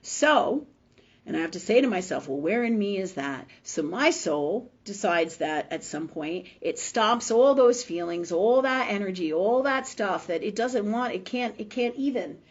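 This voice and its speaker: An unhurried but animated woman in her fifties, feeling unwell, hosts a spiritual livestream with casual talk that's blunt, emphatic, and full of profanity and repeated "right?" checks. Her pitch is medium. It's recorded on a webcam or phone mic, sounding dull and slightly lo-fi.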